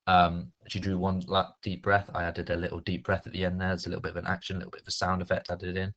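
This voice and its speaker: A male primary school teacher, giving a recorded lesson in a clear, encouraging way and reading a poem aloud with strong stress on its words. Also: low-pitched, completely flat delivery, quick pace, a bit bright, lo-fi sound.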